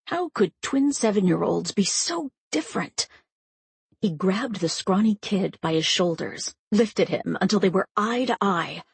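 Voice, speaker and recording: A woman narrating a romance audiobook in a measured, scripted style. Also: medium pitch, animated, creaky, breathy edge, no echo.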